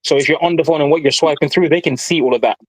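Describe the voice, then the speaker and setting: A man's voice: on the high side, racing, no echo, poor audio. A man from Jamaica with a Jamaican accent, chatting easily as a guest on a live stream. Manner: easygoing, laughs often. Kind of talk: casual chat on a live stream.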